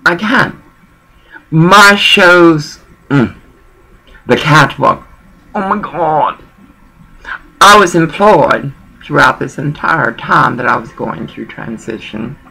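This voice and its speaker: A woman's voice: low-pitched, expressive, slow pace, vocal fry, pauses often, sharp tone, slightly rough, poor audio. A woman talking in a rambling personal monologue, emotional and digressive, often repeating herself.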